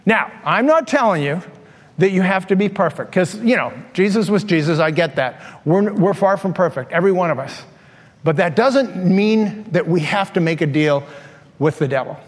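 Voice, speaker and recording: A man's voice: high voice, expressive, moderate pace. A man preaching a sermon to a congregation, speaking in a conversational way and putting questions to them directly. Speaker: pastor. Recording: reverberant hall.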